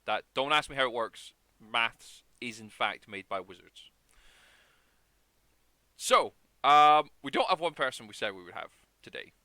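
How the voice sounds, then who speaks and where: Man, charity stream host, jokey, rambling, bright crisp voice. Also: medium pitch, lively intonation, measured pace, no echo. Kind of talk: casual chat. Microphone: video call.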